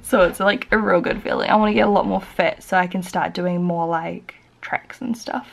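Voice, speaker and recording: A woman's voice: lowish voice, fairly even intonation, fairly quick, vocal fry, slight background noise. A young woman from New Zealand with a New Zealand accent, chatting casually to camera in a rambling vlog full of "like". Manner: chatty, rambling, lots of "like" fillers. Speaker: vlogger.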